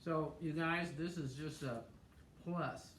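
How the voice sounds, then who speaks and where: A woman's voice: low voice, fairly even intonation, takes it slowly. A talkative woman co-hosting a home cooking show, gushing over each bite. Her voice bounces around a roomy kitchen, with a faint hum behind it. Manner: chatty and effusive, lots of oohs over food. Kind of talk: casual chat.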